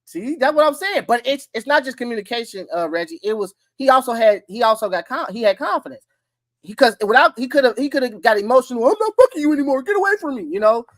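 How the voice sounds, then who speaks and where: A man in his thirties hosting a podcast, telling loud, profane, animated stories in casual chat. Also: very high-pitched, fast, dry recording. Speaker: podcast host.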